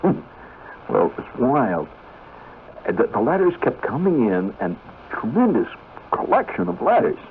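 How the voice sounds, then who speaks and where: Animated male radio storyteller, tinny. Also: lowish voice. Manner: conversational, animated, full of you-knows and restarts. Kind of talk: rambling radio monologue. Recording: tinny 1970s radio broadcast with faint hiss.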